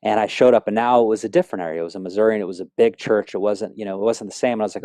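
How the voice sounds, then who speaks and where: A man's voice: lowish voice, steady tone, rapid-fire, hardly any pauses, mellow, dry recording. A middle-aged man telling his personal faith testimony in an earnest, rambling way, with many fillers and restarts. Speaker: speaker sharing a testimony.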